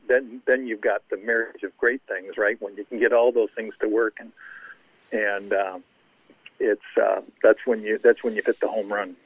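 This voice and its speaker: A man's voice: fairly low pitch, dry recording. Man over a tinny phone line. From American Midwest. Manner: anecdotal, chuckling, repeats words. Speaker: golf course architect. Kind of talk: casual storytelling interview.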